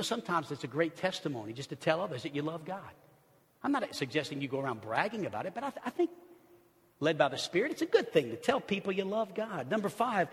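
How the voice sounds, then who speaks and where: A man's voice: high voice, husky. A man preaching a sermon as pastor in a church, counting off points in a conversational way and acting out quotes. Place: church sanctuary. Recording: long reverb of a large hall.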